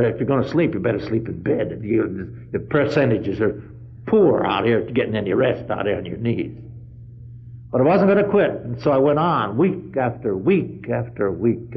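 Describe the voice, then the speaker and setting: A man preaching a storytelling sermon, retelling a story full of "he said" and swelling to loud, emphatic peaks. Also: on the low side. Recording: dull lo-fi sermon recording.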